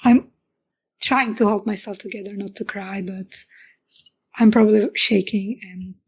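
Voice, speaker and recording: A woman's voice: mid-range voice, steady tone, unhurried, slightly rough, lo-fi sound. A woman player describing her character's actions in a tabletop game, hesitant and first-person. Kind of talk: casual in-character role-play.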